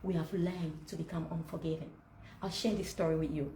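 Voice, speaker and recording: A woman's voice: deep voice, steady tone, brisk, warm tone. A woman leading a sermon-like teaching talk who preaches with rhetorical questions and scripture. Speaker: speaker leading a masterclass. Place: event room. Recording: roomy hall with faint background noise.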